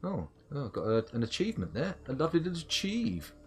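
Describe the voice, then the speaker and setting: A man's voice: fairly high pitch, sing-song, quick pace, a little mellow, faint music behind. A middle-aged man giving chatty, playful live commentary on his game, talking to the creatures and to himself. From United Kingdom. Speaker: gaming streamer.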